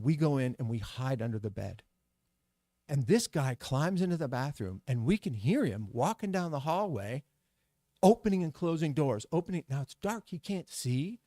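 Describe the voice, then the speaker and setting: Animated man telling a live story. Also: mid-range voice, no echo. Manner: animated, acts out voices and sound effects.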